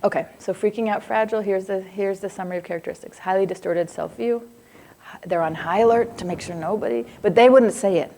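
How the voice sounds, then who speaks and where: Speaking briskly in a warm, fairly low voice with fairly even intonation, a middle-aged woman lectures over a little hiss or hum. She teaches a live psychology class in a conversational, meandering way, wandering into asides, laughing easily and asking often whether students follow.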